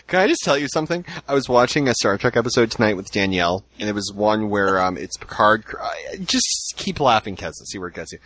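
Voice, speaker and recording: A man hosting a casual podcast discussion, telling jokey stories in an animated way. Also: on the low side, fast talker, few pauses, no echo. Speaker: podcast host.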